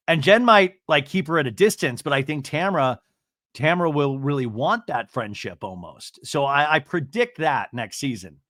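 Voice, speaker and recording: A man's voice: medium pitch, a bit bright, no room sound, clean studio sound. A man hosting a podcast, giving a chatty reality TV recap full of "like" and "you know". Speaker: podcast host.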